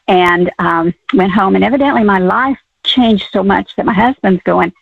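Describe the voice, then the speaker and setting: An older woman calls in over a thin, phone-like line, her voice gravelly and husky. She speaks haltingly, with plenty of fillers and pauses. The sound is dry and close. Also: medium pitch, no echo. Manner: halting, many fillers, laughs often. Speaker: caller. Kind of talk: call-in testimony.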